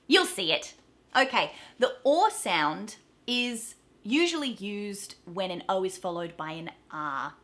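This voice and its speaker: A woman's voice: mid-range voice, fairly bright tone. A woman with an Australian accent teaching pronunciation to camera, upbeat and explaining carefully, drawing out each example word. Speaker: accent coach.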